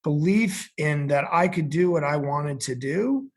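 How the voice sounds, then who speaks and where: A man's voice: fairly high pitch, measured pace. A middle-aged man from central Massachusetts, a podcast guest telling vivid stories. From central Massachusetts, USA. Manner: vivid storyteller, animated. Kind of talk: storytelling in an interview.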